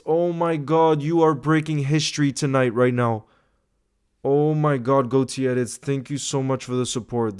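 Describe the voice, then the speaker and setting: A young man hosting a football live stream, reading out viewer messages and giving excitable shout-outs. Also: medium pitch, clean tone.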